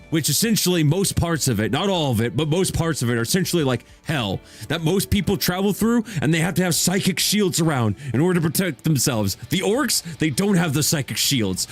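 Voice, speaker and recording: A man streaming as a VTuber in a casual chat, talking with rambling enthusiasm and frequent restarts. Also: a little high.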